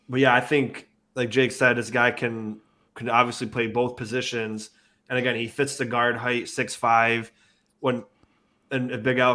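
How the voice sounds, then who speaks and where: A man chatting on a sports podcast panel in a casual, rambling way. His pitch stays flat and even, and he often doubles back to repeat himself.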